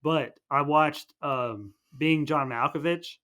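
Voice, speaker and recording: A young man co-hosts a film podcast, chatting casually and enthusiastically in a slow, high-leaning voice that sounds pushed and bright. He rambles and frequently restarts his sentences.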